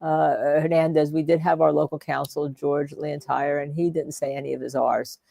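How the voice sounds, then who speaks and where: Woman, lawyer co-host, rambling casual chat, gravelly, dry close sound. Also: sits low, flat delivery, normal speed, mellow, no echo. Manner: rambling, heavy on fillers and restarts.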